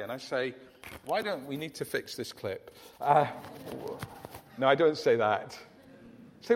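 A man's voice: on the high side, moderate pace, big-room sound. A man from the UK preaching a sermon in an earnest, emphatic way, often restarting his phrases. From United Kingdom.

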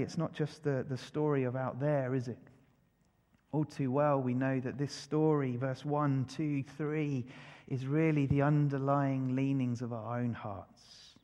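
A man's voice: medium pitch, darkish tone, long reverb tail. A man preaching a sermon, asking rhetorical questions and building to emphatic declarations.

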